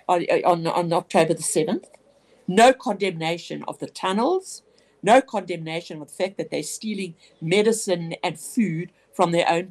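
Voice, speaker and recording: A woman guest on a radio interview telling a personal story, reflective and earnest, often restarting her sentences. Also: mid-range voice.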